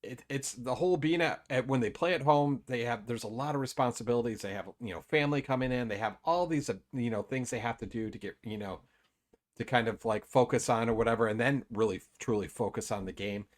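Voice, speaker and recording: A man co-hosting a sports podcast who talks things through in loose, unhurried chat. He restarts his sentences and fills the gaps with ums and you-knows. His voice sits at an ordinary middle pitch. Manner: rambling, hesitant, with many fillers. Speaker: podcast co-host.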